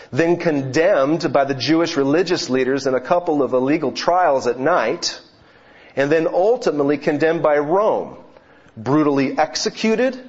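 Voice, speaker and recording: A man's voice: on the high side, husky. A man preaching a sermon, telling a joke as a story before turning to scripture, with occasional self-corrections. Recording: dull, lo-fi recording.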